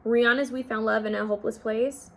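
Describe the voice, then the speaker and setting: A woman's voice: on the high side, fairly even intonation, quick pace, a bit bright. A woman giving a casual pick-a-card tarot reading, rambling and full of fillers, often trailing off mid-thought. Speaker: tarot reader.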